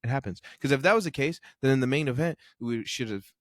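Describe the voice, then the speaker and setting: A man co-hosting a sports podcast in casual chat. His pitch sits mid-range and he throws in slang and repeated phrases. The room sounds dry and close, with no echo. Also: fast talker. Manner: animated, slangy trash talk with repeated phrases. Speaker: podcast co-host. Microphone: remote recording.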